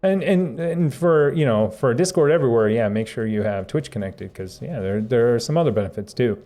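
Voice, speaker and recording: A man's voice: mid-range voice, animated, fairly quick, dark tone. A man chatting casually on a tech live stream, rambling and chuckling as he reads viewer comments aloud.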